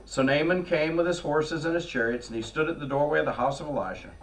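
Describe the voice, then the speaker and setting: A man preaches to his congregation in a lively, storytelling way, slipping into the voices of the characters. His voice sits a bit high. The mic picks him up from a distance. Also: quick pace. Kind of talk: sermon. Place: church. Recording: voice from far off the mic.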